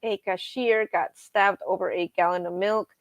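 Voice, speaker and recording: A woman's voice: medium pitch, moderate pace, dry recording. A woman hosting a casual livestream, telling stories with laughter and reading viewer comments aloud. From grew up on a ranch. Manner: animated storytelling with laughs. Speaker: livestream host.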